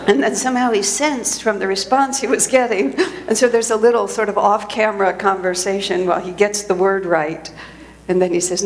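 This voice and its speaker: A woman's voice: medium pitch, normal speed. A woman giving a sermon as a spiritual teacher, telling a story reflectively and often restarting her sentences.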